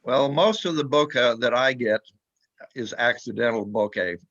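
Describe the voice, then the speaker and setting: A man jokes and teases his way through a casual group discussion over a video call. His audio is dull and muffled, and his pitch is ordinary. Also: normal speed, fairly bright tone, no echo.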